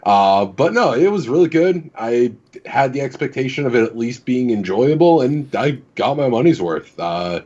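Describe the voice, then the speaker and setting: A man co-hosting a casual gaming podcast, giving a relaxed, opinionated review with some swearing. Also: medium pitch, moderate pace, husky, lo-fi sound. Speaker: podcast co-host.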